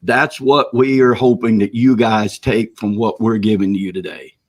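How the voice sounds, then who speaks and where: A man co-hosting an online webinar, speaking casually and telling a lively story, acting out the characters. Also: lowish voice, normal speed. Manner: animated storyteller, acts out voices. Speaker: co-host.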